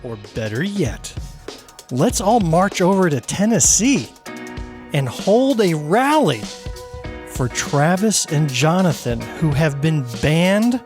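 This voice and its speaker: A man's voice: fairly high pitch, very animated, slow, a little mellow, faint music behind. A man co-hosting a podcast, telling stories in a wry, casual way. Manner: wry, storytelling. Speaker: podcast co-host. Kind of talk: casual chat.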